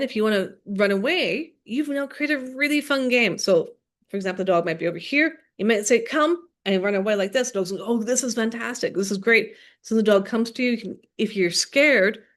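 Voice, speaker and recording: A woman giving a dog training workshop, explaining steps in an upbeat, demonstrative way, recorded at her computer. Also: mid-range voice.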